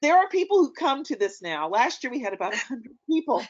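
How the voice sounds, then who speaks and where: Here a middle-aged opera singer talks in a relaxed, conversational way, sharing stories full of ums. She has a high, very animated voice and speaks a bit quickly; the recording sounds dull and lo-fi.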